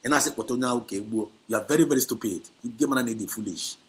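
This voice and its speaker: A medium-pitched, racing voice carries this activist livestream host's Nigerian Igbo accent. He mixes Igbo and English while preaching and scolding, stressing his points through repetition.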